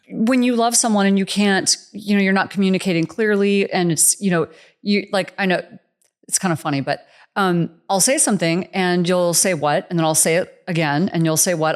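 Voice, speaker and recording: A woman's voice: medium pitch, steady tone, a little fast. Chatty, playful woman co-hosting a podcast. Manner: playful, chatty, laughing easily. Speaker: podcast co-host. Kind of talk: conversational podcast interview.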